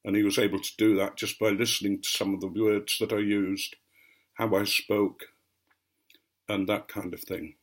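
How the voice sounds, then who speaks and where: A man with a received English accent with a faint Norfolk edge, telling unhurried anecdotes in a rambling vlog with frequent ums. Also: on the low side, level tone. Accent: mostly received English, light Norfolk. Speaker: vlogger. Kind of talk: rambling anecdotal chat to camera.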